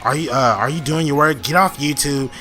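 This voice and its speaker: A man voicing a bossy middle-aged female teacher with a gruff, mannish voice, a former smoker who scolds her students. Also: fairly high pitch, a little fast, pushed and bright. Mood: nagging.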